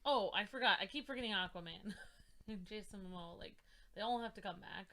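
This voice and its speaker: A young woman co-hosting a podcast in casual chat, gushing and excitable, with lots of fillers. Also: mid-range voice, a little fast. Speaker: podcast co-host.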